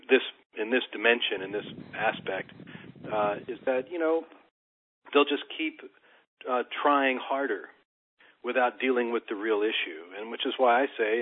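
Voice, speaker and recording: A man hosting a radio interview, rambling and searching for words as he speaks. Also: mid-range voice. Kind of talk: interview conversation. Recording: tinny phone-like line.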